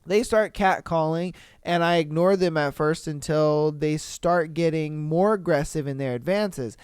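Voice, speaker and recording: A man hosting a podcast, reading listener stories aloud and reacting with animated, profane disbelief. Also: on the high side, measured pace, clear, resonant tone, no room sound, clean studio sound. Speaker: podcast host. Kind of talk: casual commentary reading stories.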